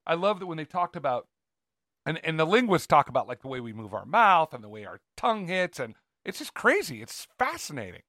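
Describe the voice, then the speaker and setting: A man's voice: fairly high pitch, very animated, brisk, sharp tone, no room sound, studio quality. Eager, rambling man on a podcast. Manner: enthusiastic, rambling with restarts. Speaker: podcast co-host. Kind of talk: casual podcast chat.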